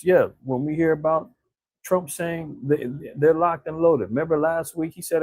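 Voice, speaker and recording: Husky-voiced man preaching casually. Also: fairly high pitch, normal speed, a little mellow, dry recording, low-quality recording. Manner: conversational, colloquial, drops in "man" and "right?". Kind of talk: casual scripture commentary on current events.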